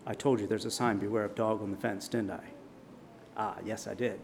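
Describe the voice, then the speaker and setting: A man preaching, telling a vivid personal story as a sermon illustration, with dramatic swings in loudness. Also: fairly low pitch, little pitch movement, a little fast, a little hiss or hum.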